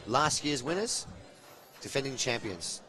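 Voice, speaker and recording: A man hosting live pool commentary from a commentary box, chatty and playful, with shout-outs to viewers. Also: mid-range voice, sing-song, measured pace.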